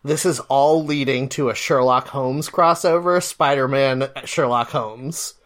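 A man co-hosting a casual chat, cracking jokes with deadpan asides. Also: mid-range voice, measured pace. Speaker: podcast co-host.

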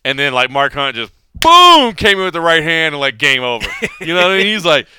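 A man in his forties hosts a casual podcast, rambling through animated stories. His voice is bright and crisp, and he talks quickly. The recording is dry and close. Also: a little high, dry recording. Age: 40s. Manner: rambling, animated storytelling with many restarts. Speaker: podcast host. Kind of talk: casual chat.

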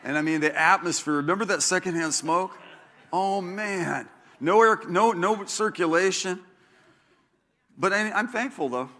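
A man's voice: high voice, a little slow, bright, forceful tone. A man preaching a sermon as pastor, repeating key lines and telling stories with a laugh.

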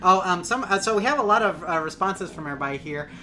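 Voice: medium pitch, animated, quick pace, pushed and bright, slight background noise. A host in casual chat, upbeat and reassuring, reading out comments and laughing often.

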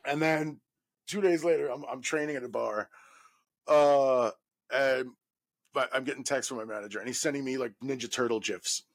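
A man in his thirties from New York, a guest actor telling a profane, animated story full of fillers. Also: medium pitch, moderate pace. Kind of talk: casual anecdote telling.

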